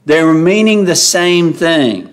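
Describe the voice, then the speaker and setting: High-voiced man preaching slowly. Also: animated. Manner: explanatory, repeats and restarts phrases, asks "right?". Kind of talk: sermon.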